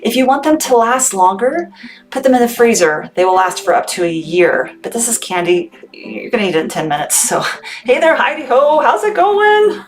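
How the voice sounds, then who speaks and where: A woman's voice: medium pitch, expressive, brisk. A woman from Texas running a live-stream sale for her candy shop, upbeat and chatty, thanking viewers by name as she talks. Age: adult, military veteran. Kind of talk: live-stream sales chat.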